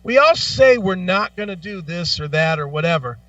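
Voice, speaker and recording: A man co-hosting a radio talk show, telling stories with lots of profanity in a lively, animated way. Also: sits high, normal speed, dry recording, recorded from a distance, dull audio. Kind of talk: casual chat. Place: radio studio.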